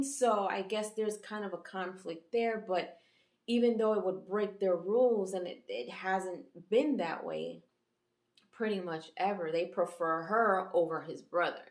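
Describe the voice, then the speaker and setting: A YouTube reviewer who hosts her own channel gives a casual, chatty episode review in a mid-range voice. She rambles, using fillers and restarting her sentences, and the room is echoey.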